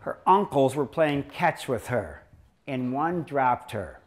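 A man's voice: mid-range voice, animated, slow pace. A man giving a lecture to an audience as a doctor, telling patient stories in a rambling, joking way. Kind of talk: anecdotal lecture to a live audience.

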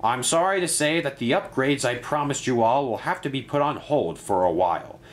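A man's voice: medium pitch, lively intonation, fairly quick, voice pushed up, lightly acted. A man voicing a stern older male railway controller who speaks in a formal, grave way. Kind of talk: storybook narration.

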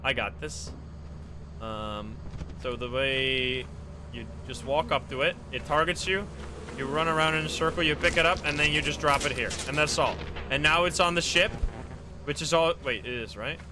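A man streaming a co-op game with friends, chatting casually, swearing and exclaiming when things go wrong, then dropping to low mutters. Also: moderate pace. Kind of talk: casual live game chat. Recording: noisy live stream audio.

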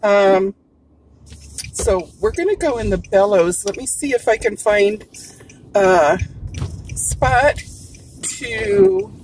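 A woman's voice: medium pitch, very animated, slow pace, creaky, long pauses, a little mellow, recorded from a distance, rough recording. A woman from Hawaii with a Hawaiian Pidgin-tinged accent, chatting casually and meandering through stories as a vlog host in a car. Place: in a car with air conditioning. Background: car air conditioning and traffic.

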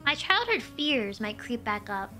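A woman's voice: a little high, sing-song, unhurried, sharp tone, faint music behind. A woman streamer chatting animatedly while playing a game, telling stories as she goes. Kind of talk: casual gameplay chat.

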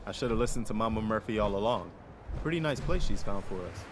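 A man voices an earnest militia leader from a video game, his voice sitting fairly low. He talks in a steady, sincere, hopeful way. A faint hiss sits underneath. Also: fast talker, lightly acted. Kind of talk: game character dialogue.

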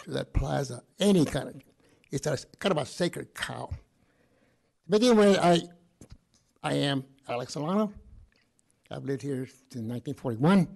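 A man in his eighties giving a halting, earnest and emotional public comment at a city planning meeting. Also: medium pitch, creaky, darkish tone. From California. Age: 80s. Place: council chamber.

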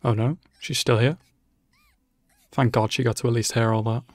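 A man of ordinary pitch reacts live to an episode on a close, dry microphone. He mutters his thoughts, then bursts into loud swearing and exclamations when the story turns tense. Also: steady tone, normal speed, dry recording. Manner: emotional, swears often, exclaims loudly at tense moments. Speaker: anime reaction channel host.

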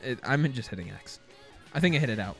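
A young man playing a video game with a friend, loud and frantic, yelling at his teammate. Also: mid-range voice, expressive, fast, vocal fry, faint music behind. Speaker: gaming YouTuber. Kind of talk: let's play banter.

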